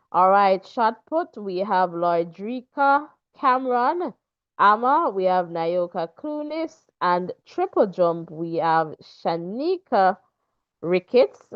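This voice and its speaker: Slow-talking woman host. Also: medium pitch, clear, resonant tone. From Jamaica. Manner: reads lists of names, with fillers. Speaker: show host. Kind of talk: casual talk show commentary. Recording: dull lo-fi recording.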